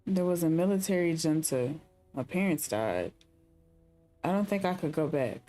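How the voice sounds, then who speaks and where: A woman voicing a grieving Argentine woman who speaks in a dry, frank, halting way. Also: low voice, animated, warm tone, soft background music. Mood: guarded, sad.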